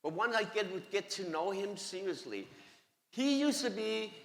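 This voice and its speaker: A man giving an excited, emphatic personal testimony at church, speaking in broken grammar. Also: high voice, a little slow, creaky. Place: church sanctuary. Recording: long echoey church hall reverb.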